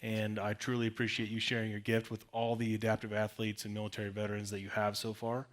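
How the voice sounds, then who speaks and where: A man's voice: fairly low pitch, monotone, quick pace. A man hosting a speaker event, giving earnest, heartfelt closing thanks. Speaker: event host.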